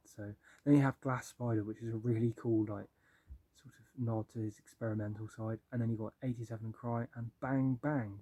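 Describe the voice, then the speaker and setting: A man's voice: mid-range voice, warm tone, no echo. A young man, chatting casually and enthusiastically as a music vlogger, with many ums and likes. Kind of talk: casual album-ranking talk.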